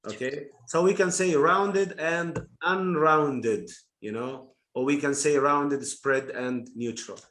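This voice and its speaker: A man's voice: fairly high pitch, slow pace, hardly any pauses, a bit bright. A man teaching an online class over a video call, explaining patiently step by step and repeating key terms.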